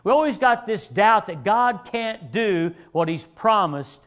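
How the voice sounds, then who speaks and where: Fiery high-voiced preacher. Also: male voice, measured pace. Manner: animated preaching, acts out quoted voices, rising to shouts. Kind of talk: sermon.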